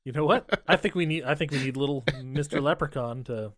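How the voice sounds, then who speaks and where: A man's voice: a little high, fairly bright tone, no echo, clean studio sound. A man co-hosting a podcast, recapping a horror movie in casual, profane, sardonic chat. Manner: profane, sardonic recapping with quick voices for characters. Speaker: podcast co-host.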